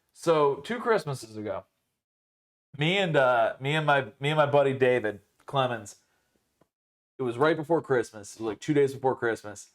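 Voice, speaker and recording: A young man co-hosting a podcast, telling rambling, profane stories in casual chat and leaning on filler words. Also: mid-range voice.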